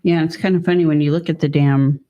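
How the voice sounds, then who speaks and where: A man in a casual streamed chat with a rather high voice, rambling along and laughing often. The sound is dull and lo-fi, like a live-stream mic. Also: fairly even intonation, quick pace, warm tone. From Northern California. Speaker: podcast co-host.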